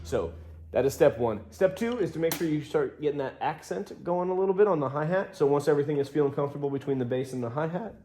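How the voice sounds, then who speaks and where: A fast-talking drum teacher with a voice on the high side gives a relaxed, casual lesson, counting beats aloud as he plays and explains. Music plays in the background of the roomy studio, where the drums are loud.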